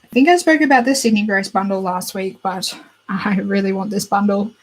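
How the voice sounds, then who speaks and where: A young woman with a slightly husky voice chats about new beauty releases. She gushes and thinks out loud as she browses, and her voice sits at an everyday middle pitch. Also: brisk, low-quality recording. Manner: chatty, gushing, thinks aloud while browsing. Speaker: beauty channel host. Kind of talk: casual chat.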